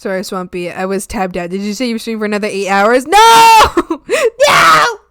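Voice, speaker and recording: A young woman streaming from home, chatting casually with lots of ums, giggles and sudden excited squeals. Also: fast talker, clean tone, no echo. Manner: bursts into high squeals and shouts when excited. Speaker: art streamer. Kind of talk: casual chat while reading chat. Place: home room. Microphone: desk mic at a streaming setup.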